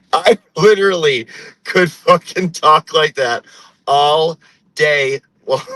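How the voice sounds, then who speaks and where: A man's voice: a little high, very slow, bright, forceful tone, dry recording, low-quality recording. A man hosting a show, talking in a casual, profane and rambling comedic monologue. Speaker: host.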